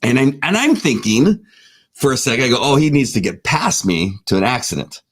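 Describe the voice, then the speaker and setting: A man's voice: normal speed, slightly rough. A middle-aged man, co-host of a casual talk show, telling a long story and acting out the voices in it. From Southern California. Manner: animated storyteller, acts out voices with big pitch jumps. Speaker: podcast co-host.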